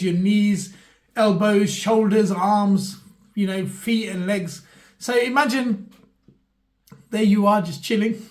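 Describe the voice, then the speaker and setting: A man, talking to camera in a rambling, mock-earnest comic monologue with many fillers. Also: high-pitched. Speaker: vlogger.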